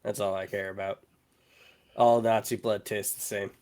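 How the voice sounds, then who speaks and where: A man playing a tabletop game, speaking in an unhurried way with laughter. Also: fairly low pitch, little pitch movement, a little mellow. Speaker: player. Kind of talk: tabletop role-play.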